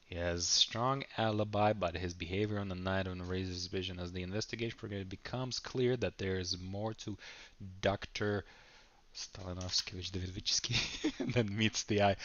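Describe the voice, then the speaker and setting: A man's voice: low-pitched, fairly even intonation, moderate pace, dull audio. A man reading an AI game prompt aloud, stumbling and laughing as he comments. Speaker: video creator.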